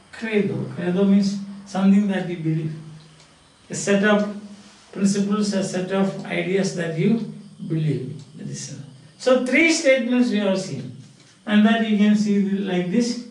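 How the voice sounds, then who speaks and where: Slow-lecturing man in an echoey classroom. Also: high-pitched. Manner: slow, repetitive, drilling example words aloud. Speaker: English phonetics teacher. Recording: roomy classroom echo, mic far off.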